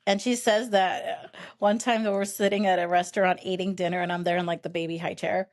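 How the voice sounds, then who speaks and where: A woman's voice: fairly low pitch, level tone, a little fast. Profane, rambling woman telling a story. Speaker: podcast host. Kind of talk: casual storytelling chat.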